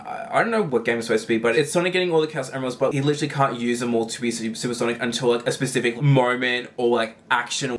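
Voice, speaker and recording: A man giving casual commentary while ranking animated shorts, rambling with lots of fillers and casual swearing. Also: mid-range voice. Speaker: video creator ranking animations.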